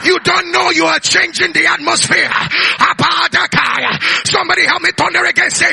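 A male pastor shouts his sermon in a very high, sharp, bright voice with a heavy gravelly fry. He stirs his congregation with calls to respond, slips into tongues and leans on drawn-out "uh" fillers. Faint music plays behind him. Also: fairly even intonation. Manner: bursts into speaking in tongues.

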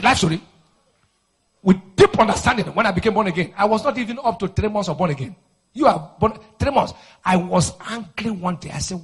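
A man preaching a fiery deliverance sermon, shouting forceful declarations and then dropping into quieter explanation. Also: expressive, quick pace, slightly rough. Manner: shouting, forceful declarations, swings to low intensity.

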